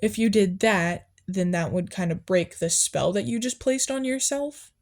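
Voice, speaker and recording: A woman's voice: mid-range voice, measured pace, darkish tone. Rambling young woman telling a tale. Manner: casual, chatty, full of "like" and "um". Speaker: podcast host. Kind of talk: rambling deadpan fiction storytelling.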